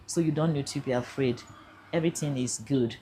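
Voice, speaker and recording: An older woman speaks with a Nigerian accent in a low, mellow voice. She tells her story earnestly, sliding into Pidgin now and then. Faint noise sits under the recording. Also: a little fast. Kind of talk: emotional first-person account.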